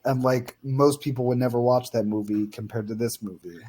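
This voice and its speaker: Husky young man with strong opinions. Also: mid-range voice, steady tone, brisk, warm tone. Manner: opinionated, lots of fillers, storytelling. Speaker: podcast co-host. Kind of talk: casual film-review chat.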